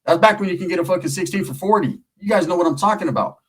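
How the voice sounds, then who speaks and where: Middle-aged Californian man, streetwise storyteller, husky and slightly high. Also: rapid-fire, rough recording. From Merced area, California. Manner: streetwise slang, profane, animated. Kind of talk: casual storytelling.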